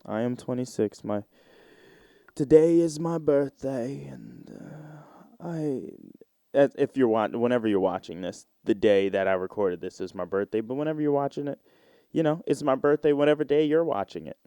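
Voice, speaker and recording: A man's voice: mid-range voice, moderate pace, mellow, clear, resonant tone, no room sound, clean studio sound. A man in his twenties from the United States, hosting a solo podcast in a loose, rambling, profane chat. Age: 20s. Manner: rambling, loose and profane, with many fillers and restarts. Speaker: podcast host.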